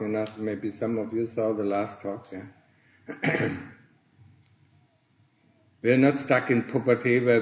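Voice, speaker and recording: A man, a Buddhist monk, giving a Dharma talk to fellow monastics in a monastery, earnestly tagging nearly every phrase with "yeah?" or "huh?" and often clearing his throat. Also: on the low side, a little mellow, reverberant, poor audio. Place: monastery in Thailand.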